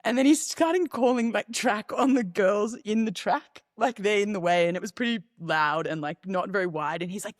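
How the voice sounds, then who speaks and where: Young woman, podcast guest, lively storytelling, acted-out quotes, dry close sound. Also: mid-range voice, moderate pace, hardly any pauses, no echo. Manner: animated storytelling, acts out quotes, laughs often. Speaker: podcast guest, ski racer. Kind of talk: casual podcast chat.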